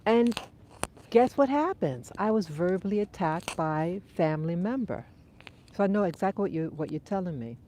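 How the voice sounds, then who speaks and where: Mellow, low-voiced woman live-streaming outdoors. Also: brisk, a little hiss or hum. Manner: thoughtful, conversational, reads and answers viewer comments. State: runny nose. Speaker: livestream host. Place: outdoors on a dog walk.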